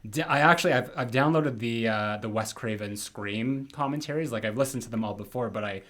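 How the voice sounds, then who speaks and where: A man's voice: mid-range voice, a little fast, a bit bright. A man co-hosting a podcast, talking casually with many fillers and trailing sentences. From abroad from his co-host. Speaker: podcast co-host. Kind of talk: casual chat.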